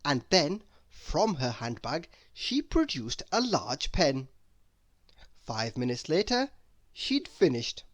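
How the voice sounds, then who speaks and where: A woman narrating a children's bedtime story aloud, slow and expressive. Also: low-pitched, dry recording.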